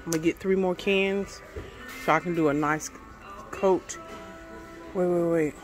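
A woman with a Southern US accent chatting casually to her viewers in a DIY vlog, folksy and quick to get riled up. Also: fairly low pitch, steady tone, faint music behind. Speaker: DIY vlogger.

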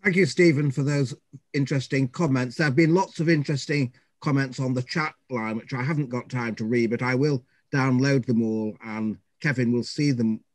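Man, lecture chair, polite and businesslike, medium pitch, dry close sound. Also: normal speed, no echo. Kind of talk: chairing an online Q&A. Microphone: video call.

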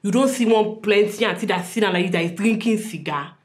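A rustic young tailor with a Nigerian accent scolds a customer in broken English, played by a woman. She is blunt and comic, and her voice sits at a mid pitch. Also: brisk, a little hiss or hum, close to an everyday voice. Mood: teasing.

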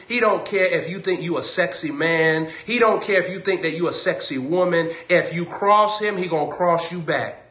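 A man's voice: sits high, pushed and bright, roomy sound. A man preaching a sermon on a livestream, emphatic and repetitive, hammering his key phrases over and over.

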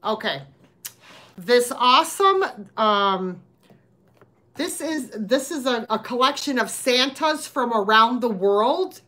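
Slow, chatty woman with a lively voice. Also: on the high side. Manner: chatty, rambling, many fillers. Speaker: live sale host. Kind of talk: live-stream sales chat.

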